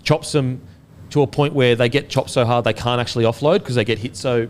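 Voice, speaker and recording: A man hosting a casual sports podcast, relaxed and swearing now and then, tripping over player names. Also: mid-range voice, brisk, a little hiss or hum. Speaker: podcast host.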